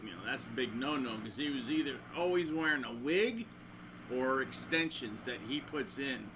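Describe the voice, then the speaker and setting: A man's voice: mid-range voice, animated, normal speed, background noise. A man telling a crude, rambling anecdote, acting out the voices of people in his stories. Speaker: guitarist and channel host. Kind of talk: rambling anecdote between guitar playing.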